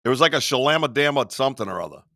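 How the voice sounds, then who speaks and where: A man hosting a casual podcast, loud and laughing often, who swears freely as he tells stories. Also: mid-range voice, lively intonation, racing, gravelly, no echo, studio quality. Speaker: podcast host.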